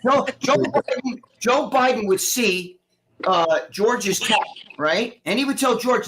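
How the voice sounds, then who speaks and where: A man's voice: high voice, normal speed. New guy, loose profane rant, does voices for quotes, video call with faint hiss. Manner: profane, rambling, acts out quotes. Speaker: guest. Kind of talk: casual political rant.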